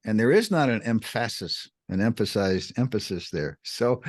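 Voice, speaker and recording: A man co-hosting a podcast, teaching in an animated, emphatic way, repeating words and jumping up in pitch to stress points. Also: moderate pace, dry recording, studio quality. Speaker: podcast co-host teaching scripture. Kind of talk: animated explanatory teaching chat.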